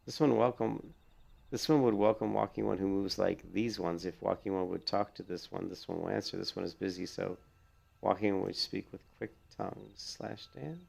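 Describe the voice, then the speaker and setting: Guy reading as a suspicious little forest sprite, broken third-person talk, low gravelly voice. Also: steady tone, moderate pace, darkish tone, exaggerated voice. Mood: wary.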